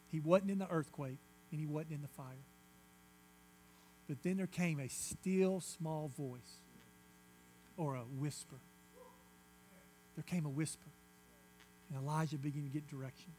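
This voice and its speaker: A man delivers a sermon in a high voice. He preaches emphatically, repeating his points insistently, and moves between loud declarations and quiet asides. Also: slight background noise. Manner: repetitive, insistent phrasing. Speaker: pastor.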